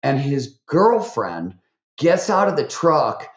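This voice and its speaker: A man, a podcast guest and author, talking in a lively way, telling stories full of fillers and quoted voices. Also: mid-range voice, echoey room, lo-fi sound. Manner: animated, fast-talking, with many fillers and acted quotes. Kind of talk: conversational interview storytelling.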